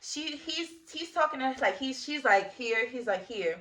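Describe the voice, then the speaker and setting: Woman, 20s, storytime vlogger: slangy and animated, laughs a lot, a bright voice that sits somewhat high. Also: normal speed. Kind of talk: casual storytime.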